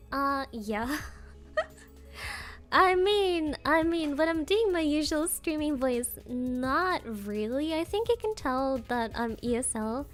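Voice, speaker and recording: A woman streamer chatting casually with her viewers, shy and giggly, with soft laughs and hums as she reads comments aloud. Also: high-pitched.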